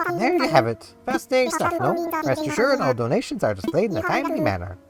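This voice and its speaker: A man voicing a pompous old male owl curator with a put-on Irish accent, formal and fussy, with soft game music behind. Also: extremely high pitch, huge pitch swings, quick pace, pitched above the performer's own voice, full character voice. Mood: grandly polite.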